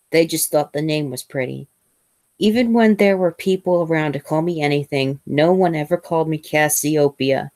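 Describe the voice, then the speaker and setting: A woman reading a first-person novel aloud as host, in a measured way with small slips and restarts. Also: low-pitched, no echo.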